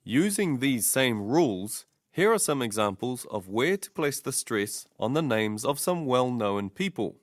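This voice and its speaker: A male teacher reads a pronunciation lesson at an unhurried pace, pausing to model each word twice. His pitch moves a lot as he stresses syllables. The recording is dry and close. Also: very animated, no room sound. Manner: slow, deliberate, repeats each word as a model. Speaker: language teacher.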